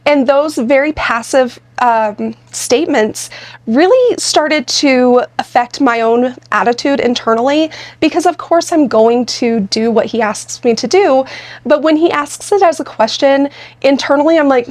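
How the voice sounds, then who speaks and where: A woman's voice: high-pitched, measured pace. A woman co-hosting a podcast, talking in an earnest, explanatory way about her marriage. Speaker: podcast co-host. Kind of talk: casual conversational podcast.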